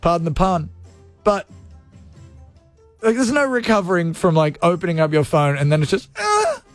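A man's voice: on the high side, moderate pace, soft background music. A man hosting a casual talk radio show in loose, cheeky banter. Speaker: radio host.

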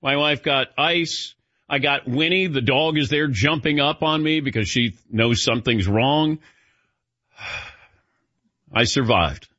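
A sports radio host chatting casually, telling a self-deprecating story in an animated way while feeling lightheaded. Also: male voice, mid-range voice, slow pace, pauses often, no room sound, muffled recording.

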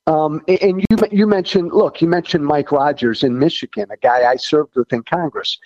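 A man's voice: fairly high pitch, moderate pace, darkish tone, no echo, dull audio. A man who once served in Congress, giving blunt, folksy political opinions in an interview. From Illinois. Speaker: former congressman guest.

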